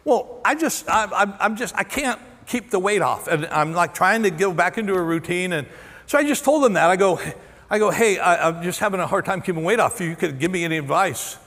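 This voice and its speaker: A man in his sixties preaching a sermon, telling a story in a candid, self-deprecating way full of halting restarts. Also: high voice, a bit bright. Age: 60s. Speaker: pastor. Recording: long church hall reverb.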